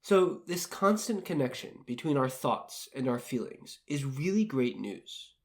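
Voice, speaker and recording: A man hosting a self-help podcast, talking in a calm, gently coaching way and repeating phrases to guide the listener. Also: mid-range voice, a little slow, faint music behind. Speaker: podcast host.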